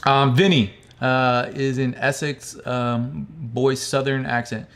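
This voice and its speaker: A man from the United States chats casually on a livestream, reading viewer comments aloud and answering them. He rambles in a friendly, easygoing way, tosses in "bro" and "man," and has a voice of ordinary middle pitch. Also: steady tone, slow, fairly bright tone. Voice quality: calls his own speech hick-like.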